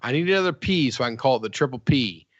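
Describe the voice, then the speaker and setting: A man's voice: mid-range voice, lively intonation, fast talker, no echo, muffled recording. A man hosting a podcast in casual banter, rambling with lots of fillers and laughs. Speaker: podcast host.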